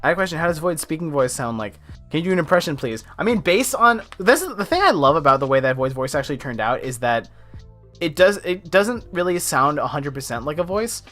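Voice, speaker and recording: This young American art streamer has a sing-song voice on the high side, fairly bright and brisk. He rambles casually with lots of filler words and frequent laughter while faint lo-fi music plays.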